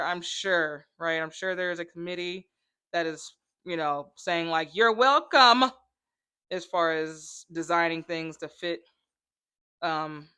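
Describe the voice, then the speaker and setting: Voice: medium pitch, sharp tone, clear, resonant tone. A comedic vlogger in a rambling monologue who jumps between tangents and acts out the voices of people in the stories.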